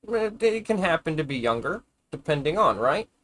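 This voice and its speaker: A man's voice: on the high side, very animated, moderate pace, fairly bright tone. A man ranting casually on a live stream. He talks in a rambling, profane, argumentative way, often stumbling and restarting his words.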